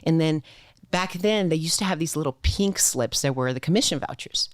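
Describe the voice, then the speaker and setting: A woman's voice: sits low, moderate pace. A woman in her forties, a guest in a casual interview, telling a story and acting out the other voices in it. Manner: animated storyteller acting out quoted dialogue.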